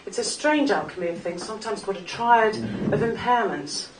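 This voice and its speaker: A woman's voice: mid-range voice, moderate pace. A woman in her forties giving an earnest, wry personal talk to a live audience at a small club, laughing now and then at her own jokes. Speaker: speaker at a live talk event. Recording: echoey room, distant mic, faint noise.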